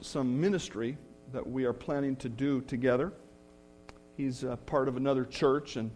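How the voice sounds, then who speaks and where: A man's voice: mid-range voice, darkish tone, a little hiss or hum. A male pastor preaching a sermon in church, earnest, leaning hard on key phrases.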